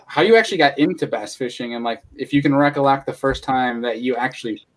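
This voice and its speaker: A man's voice: mid-range voice, quick pace. A man from New York State hosting a podcast, chatting easily and asking questions. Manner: easygoing, asks questions. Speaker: podcast host. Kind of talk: casual podcast chat.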